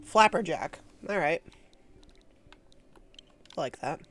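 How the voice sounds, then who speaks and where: A woman streams a video game and talks through it in a loose, chatty way, often poking fun at herself. Her pitch rises and falls a lot. Soft game music plays faintly underneath. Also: expressive, slow. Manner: chatty, self-mocking, laughs often. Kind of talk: casual live gameplay commentary.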